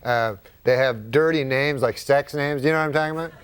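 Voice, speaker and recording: A man chatting as a talk show guest, stammering and halting in a sheepish way. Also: medium pitch.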